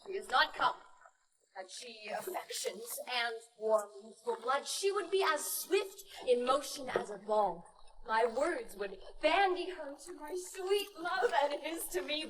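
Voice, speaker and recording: A woman's voice: extremely high pitch, sharp tone, a little hiss or hum, exaggerated voice. A woman playing an impatient young lover. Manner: breathless, impatient and pleading. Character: eager, impatient young girl in love. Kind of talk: outdoor Shakespeare stage acting. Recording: distant, reverberant live recording.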